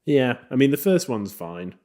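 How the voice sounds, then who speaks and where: This man co-hosts a film podcast, talking loosely about old movies at a normal speed in a mid-range voice. His delivery wanders and is packed with fillers, very laid-back.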